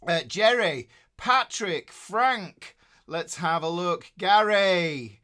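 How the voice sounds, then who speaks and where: Bright-voiced chatty man. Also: a little high, lively intonation, unhurried. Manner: chatty, jokey, lots of fillers while reading out names. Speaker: guitar teacher hosting a live class. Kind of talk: casual live-stream chat.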